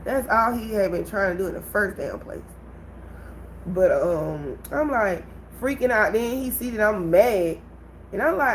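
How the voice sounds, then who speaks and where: A woman vents to her livestream viewers, telling her story in an animated, conversational way. Her voice sits at a middle pitch, and a faint background noise runs under it. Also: moderate pace, low-quality recording. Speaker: livestream host. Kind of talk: casual livestream venting.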